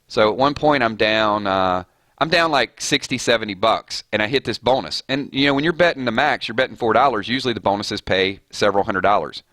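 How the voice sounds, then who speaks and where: Guy streaming a game, rambling and fired up, bright tense voice, dry sound. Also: on the low side, a little fast, no echo. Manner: fired-up, rambling, laughs often. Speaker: gaming streamer. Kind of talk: casual live-stream chat.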